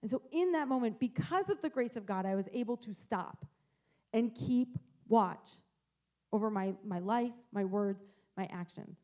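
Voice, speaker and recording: A woman's voice: fairly high pitch, lively intonation, measured pace, dark tone. A woman pastor in her thirties giving a sermon, telling a family story earnestly and acting out the voices in it. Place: church.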